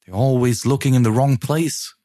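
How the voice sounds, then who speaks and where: A man voicing a troubled, intense woman in an audiobook, his voice pushed higher and strained for her. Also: fairly even intonation, normal speed, mellow, lightly acted. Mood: heated. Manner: strained, raising pitch for her. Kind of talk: audiobook reading.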